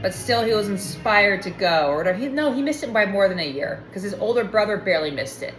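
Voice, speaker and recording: Soft background music and a roomy echo accompany a woman's quick, expressive, mid-range voice with a fairly bright tone. Her casual personal story wanders off on tangents as she performs others' quoted dialogue.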